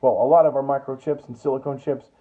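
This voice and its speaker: Talking fast in a mid-range voice with fairly even intonation, a man rants about politics, swearing and tripping into stammered restarts. The commentator is in the US Northwest, and the audio sounds tinny and phone-like.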